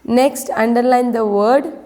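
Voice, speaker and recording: A woman's voice: a little high, darkish tone. A woman teacher giving an online lesson, asking her class questions. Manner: asks the class many questions, slow and clear. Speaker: primary school English teacher. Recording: echoey room with long reverb.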